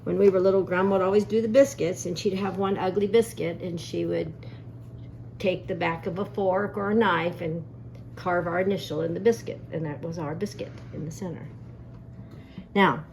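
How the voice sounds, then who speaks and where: A woman hosting a casual home-kitchen cooking demonstration speaks in a low, steady, darkish voice with vocal fry at a moderate pace. Chatty and folksy, she shares family stories as she works, with slight background noise behind her.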